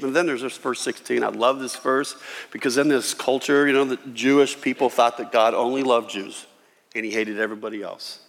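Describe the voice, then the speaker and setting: A man preaching a sermon as a pastor, animated, voicing Jesus and God in quoted lines. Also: mid-range voice. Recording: reverberant hall.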